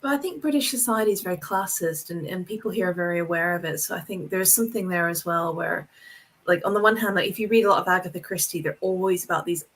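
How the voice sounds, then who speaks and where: A woman's voice: lowish voice, quick pace, a bit bright, low-quality recording. A woman with a transatlantic accent, chatting casually as a guest author on a podcast, laughing often and poking fun at herself. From born in the States, raised in Hong Kong.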